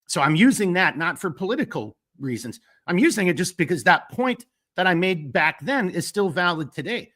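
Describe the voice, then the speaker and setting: A man hosting a live stream, chatting casually and rambling through fillers while reading out viewer shout-outs. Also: high-pitched, very animated, moderate pace, hardly any pauses. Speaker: host of a live stream talk show.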